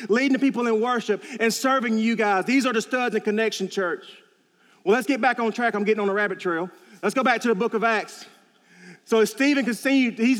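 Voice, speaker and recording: A man's voice: extremely high pitch, a bit bright, in a large hall. A man preaching a sermon in a church, earnest and storytelling, repeating key phrases for emphasis. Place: church sanctuary.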